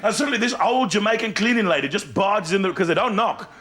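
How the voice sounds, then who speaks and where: He's a fast talker with a high-pitched, animated voice: a stand-up comedian in his thirties with Birmingham English. On a large theatre stage he tells stories in character voices, loud laughter from the audience coming over the live mic.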